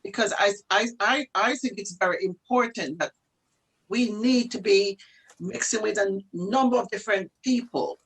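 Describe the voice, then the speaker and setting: A woman's voice: mid-range voice, normal speed, fairly bright tone, slightly rough, poor audio. A woman, a guest speaker on a webinar, making her points earnestly and emphatically over a video call. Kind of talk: webinar talk.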